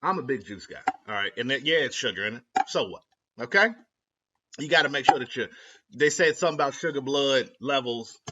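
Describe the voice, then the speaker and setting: A young vlogger from Ohio, USA, rambles casually to the camera, slangy and constantly interrupting himself while laughing at his own jokes. His medium-pitched voice is animated, fairly quick, pushed and bright, captured in lo-fi, dull audio.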